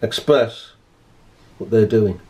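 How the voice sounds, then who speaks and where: A man's voice: on the low side, slow pace, a little mellow. A man giving an indignant monologue to camera, emphatic and repeating his points. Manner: emphatic, repeats points, acts out both sides of an argument. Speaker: vlogger.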